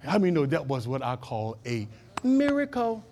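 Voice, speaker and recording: A man preaching a sermon as a pastor, swinging between loud exhortation and soft, low asides, repeating short phrases for emphasis. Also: wildly swooping pitch, normal speed, slight background noise.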